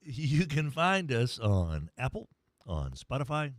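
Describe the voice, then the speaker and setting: A man's voice: mid-range voice, wildly swooping pitch, takes it slowly, no room sound. Folksy joking sports-radio man. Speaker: sports talk radio host. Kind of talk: sports talk with sponsor read.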